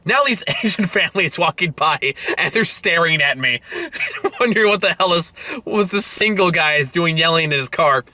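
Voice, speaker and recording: A man's voice: on the high side, lively intonation, moderate pace, bright, forceful tone, no echo. A young man reviewing a movie from inside his car, rambling and exasperated, swearing often and restarting his sentences.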